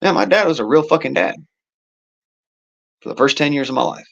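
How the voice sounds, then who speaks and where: A man's voice: on the high side, lively intonation, a little fast, vocal fry, highs cut off. A man hosting a casual political monologue, talking in a rambling, profane way with folksy turns of phrase. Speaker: show host.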